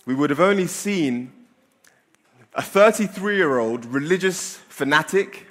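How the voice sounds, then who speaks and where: A man's voice: fairly high pitch, lively intonation, unhurried, fairly bright tone. A man, a pastor, reading scripture aloud and then preaching casually with fillers and restarts. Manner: conversational preaching with fillers and self-corrections. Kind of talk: sermon with scripture reading and prayer.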